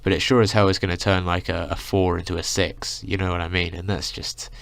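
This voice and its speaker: A man's voice: deep voice, flat delivery, fairly quick, gravelly, fairly bright tone, no room sound. A young man ranting through a casual storytime, rambling with lots of filler words. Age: young adult. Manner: rambling, full of "like" and "you know". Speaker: vlogger.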